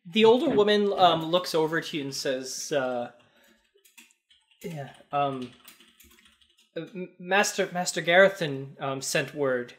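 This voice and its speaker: A man narrating a tabletop role-playing game as game master, describing scenes in a halting way with many fillers. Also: a little high, expressive, a bit bright, slight background noise.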